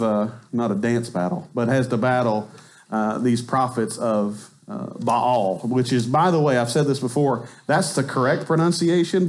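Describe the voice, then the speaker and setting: A man, raised in Arkansas, preaching a chatty sermon in a church, joking as he goes and acting out quotes with a lifted voice. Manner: chatty, joking asides, acts out quotes with rising pitch. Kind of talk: conversational sermon. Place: church sanctuary.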